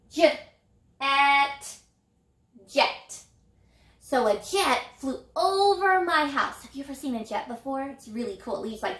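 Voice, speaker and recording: A woman teaching an elementary phonics lesson, sounding out letters in a slow, encouraging, sing-song way. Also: on the high side, a bit bright, roomy sound. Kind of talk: recorded phonics lesson for young children.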